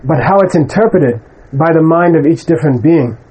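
A man with a slightly higher-than-usual voice lectures students in a conversational way. He is emphatic and blunt as he brushes aside wrong ideas. He keeps checking in with his listeners with a quick "okay?". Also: expressive, a little mellow, husky, rough recording. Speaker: Buddhist teacher.

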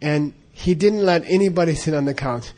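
Fairly high and a little mellow, this man's voice runs at a normal speed as he rambles through an informal story, full of fillers, restarts and frequent laughter.

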